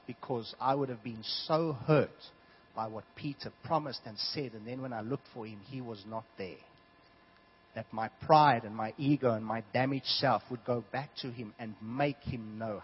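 A man from South Africa preaching a sermon, telling stories in an animated way that swings from hushed to loud. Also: mid-range voice, normal speed, breathy edge. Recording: dull lo-fi sound.

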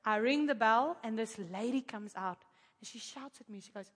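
A woman from Africa, telling a lively testimony to a congregation, animated and laughing often as she acts out the people in her story. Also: on the high side, normal speed. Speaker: speaker giving a testimony to a congregation. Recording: echoey hall.

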